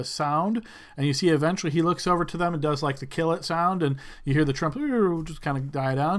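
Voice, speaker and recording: Man, game master, tabletop narration, fairly high-pitched, casual descriptive. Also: fairly bright tone. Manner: descriptive, loose narration with fillers.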